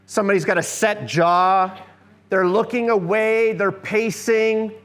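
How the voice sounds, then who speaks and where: A man's voice: sits high, fairly even intonation, a little slow, a bit bright. A middle-aged man giving a conversational church workshop lecture, often asking the audience questions. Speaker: seminar presenter.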